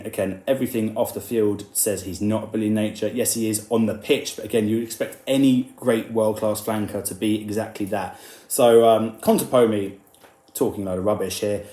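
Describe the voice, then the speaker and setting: A man giving an opinionated rugby commentary, animated and indignant, sometimes mimicking the people he quotes. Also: fairly low pitch, roomy sound.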